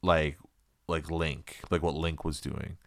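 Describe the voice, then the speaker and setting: A man's voice: rumbling low, fairly even intonation, slow pace, creaky, no echo, clean studio sound. A man in his thirties co-hosting a podcast, chatting casually and jokingly with lots of fillers. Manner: joking, rambling with many fillers. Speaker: podcast co-host. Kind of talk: casual chat.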